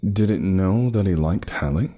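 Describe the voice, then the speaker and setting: Man, horror story narrator, very low voice, lively pitch, expressive. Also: moderate pace.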